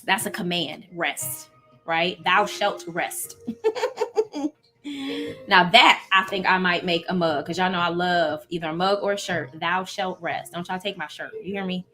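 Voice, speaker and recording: A woman hosting a live stream in casual chat, reading out viewer comments and talking to them warmly. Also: fairly low pitch, steady tone, normal speed, soft background music. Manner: warm, chatty, reads out viewer comments.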